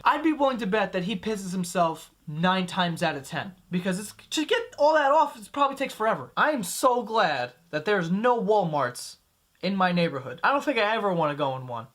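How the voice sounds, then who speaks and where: A man's voice: sits high, big pitch swings, moderate pace, a bit bright. A man doing a comedic roast voice-over, profane, sarcastic and mocking. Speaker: comedy commentator.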